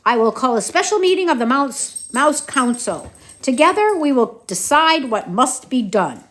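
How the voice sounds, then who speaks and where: A woman voicing a pompous, panicky male mouse father who shouts in outrage. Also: sits high, sing-song, moderate pace, pitched above the performer's own voice. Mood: outraged.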